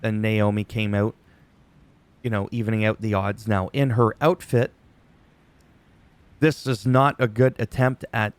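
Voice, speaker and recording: A man giving a casual, chatty wrestling recap, animated and quick to act out quoted lines. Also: lowish voice, clean tone, dry recording.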